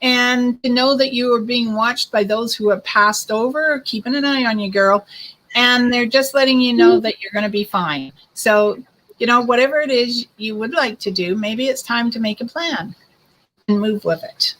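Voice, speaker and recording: A woman's voice: fairly high pitch, moderate pace, a bit bright, low-quality recording. A woman giving chatty, reassuring card readings to viewers on a live online stream as host. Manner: chatty, reassuring, calls viewers hun and girl. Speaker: psychic card reader.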